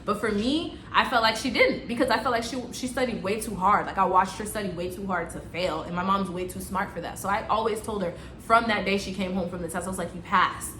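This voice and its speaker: A young woman nurse telling a personal story, animated and emphatic, with lots of "like". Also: medium pitch, a little fast, few pauses, roomy sound, a little hiss or hum. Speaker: nurse vlogger.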